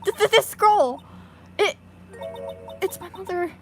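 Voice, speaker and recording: A woman's voice: extremely high pitch, takes it slowly, a little mellow, soft background music, pitched above the performer's own voice. A woman voicing an earnest, emotional young woman who stammers while reading a game aloud. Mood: shaken.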